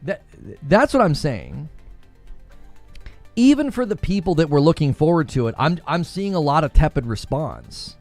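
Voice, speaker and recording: A man's voice: on the high side, very animated, normal speed, darkish tone, faint music behind. A man streaming live, chatting with viewers and laughing often as he acts out mock dialogue. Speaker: gaming streamer.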